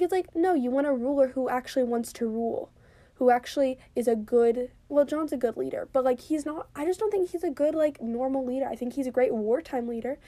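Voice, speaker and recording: A woman reviewing a TV episode in a casual, animated chat, swearing freely and filling her sentences with "like", while she drinks. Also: high voice.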